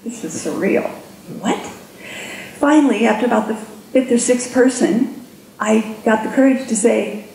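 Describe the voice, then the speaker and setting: A fairly high-voiced middle-aged woman tells a lively story from a conference stage. She acts out the voices in her head as she goes, and her voice rings through an echoey room over a faint hum of ambience. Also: measured pace, vocal fry, long pauses. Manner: animated storyteller who acts out inner voices. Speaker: keynote speaker. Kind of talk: storytelling keynote talk.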